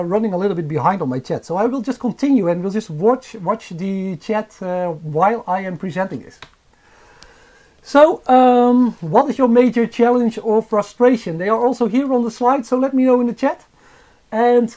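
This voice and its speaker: Dutch-accented male host, hesitant live-stream delivery, soft dark timbre, budget microphone. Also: sits high. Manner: hesitant, many filler sounds and restarts. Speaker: astrophotography channel host. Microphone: cheap microphone.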